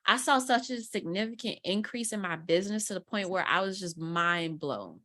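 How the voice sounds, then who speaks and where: In a mid-range voice at normal speed, a woman content strategist tells a story as a guest mentor. The interview is casual, and she animatedly performs the quotes as she goes.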